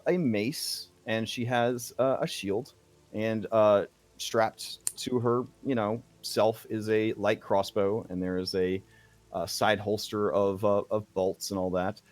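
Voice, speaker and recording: A man narrating a tabletop game as game master, in a halting way full of fillers. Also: on the low side, darkish tone, no echo.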